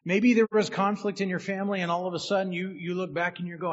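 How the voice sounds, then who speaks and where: A man's voice: high-pitched, steady tone, fast, highs cut off. A man who is a minister, giving a sermon as a personal story and speaking directly to the people in the room.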